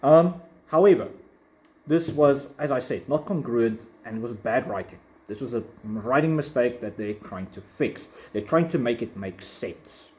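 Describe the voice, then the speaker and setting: A man's voice: mid-range voice, animated, measured pace, mellow. A man giving a casual, opinionated video review, rambling with frequent fillers. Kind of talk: casual commentary.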